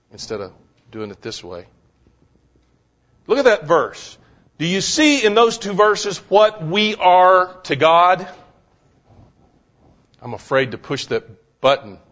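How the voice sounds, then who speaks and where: A man's voice: a little high, fairly bright tone. A man preaching a sermon, emphatic, repeating words for stress and asking the listeners questions. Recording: dull lo-fi recording.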